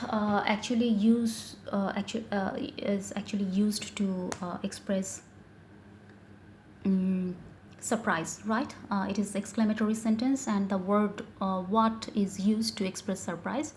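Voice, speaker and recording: Her voice is mid-range and a little mellow as this online grammar teacher walks through each step. Fillers and self-corrections come up often, and the recording has an echoey room with faint noise.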